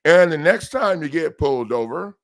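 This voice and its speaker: A man's voice: on the high side, moderate pace. A man hosting a livestream, casually telling a story and acting out the people he quotes. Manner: animated, laughing storyteller who acts out quotes. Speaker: livestream host.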